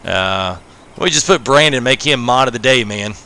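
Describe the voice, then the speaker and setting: This man's voice sits at a medium pitch and moves at a normal speed, animated, pushed and bright, with slight background noise. He's a gaming livestreamer playing a farming game late at night, casually chatting with viewers. Laid-back, he laughs often and tacks "man" onto many of his phrases.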